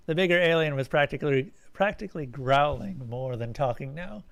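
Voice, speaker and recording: Male streamer, live story reading, slightly high voice, self-corrects slips. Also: lively intonation, normal speed, few pauses.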